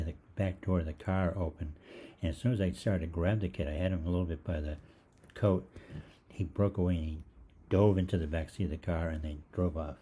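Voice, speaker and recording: A man, middle-aged, telling a rambling funny story in casual talk, halting with fillers and restarts and acting out the other voices. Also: low voice, warm tone, breathy edge. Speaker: online health show host.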